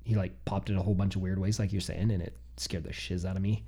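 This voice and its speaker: This man in his thirties speaks low, quick, and slightly rough. Chatting casually, he relates something that happened to him with lively energy, quoting both himself and others as he goes.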